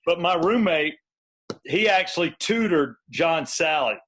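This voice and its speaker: A man's voice: on the high side, lively intonation, measured pace, a bit bright. A middle-aged man hosting a podcast, bantering in a joking, laid-back way. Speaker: podcast host. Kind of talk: casual chat.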